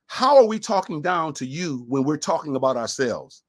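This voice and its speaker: A man's voice: on the high side, big pitch swings, moderate pace. A man co-hosting a talk show, speaking in an emphatic, preachy way and repeating his points. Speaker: co-host.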